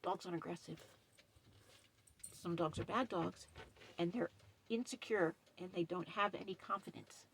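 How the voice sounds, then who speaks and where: A middle-aged woman camp host in a casual vlog, upset and shaky, talking emphatically in a dark trailer. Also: fairly low pitch, normal speed, long pauses, a little hiss or hum. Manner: upset, emphatic, retells quarrel with stern quoted lines. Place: dark trailer at night with ring light.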